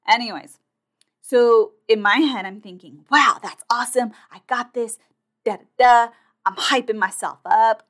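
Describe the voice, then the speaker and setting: Young woman vlogging, casual and animated, says "like" a lot, acts out quotes. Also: medium pitch. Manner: animated, acts out her own and others' quotes, many fillers like "like". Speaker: vlogger sharing her birth story. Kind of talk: casual personal storytelling.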